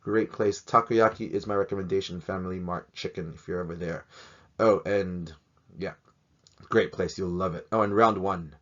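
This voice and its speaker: Lower-voiced teacher, joking lesson. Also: male voice, steady tone, normal speed, a bit bright. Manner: joking, rambling, asks many questions. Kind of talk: casual video lesson. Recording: slightly dull lo-fi recording.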